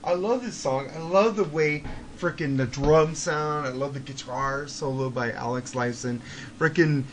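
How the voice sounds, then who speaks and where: A man hosting a casual podcast, talking in a profane, excitable, ranting way. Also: on the high side, moderate pace, a little hiss or hum. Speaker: podcast host.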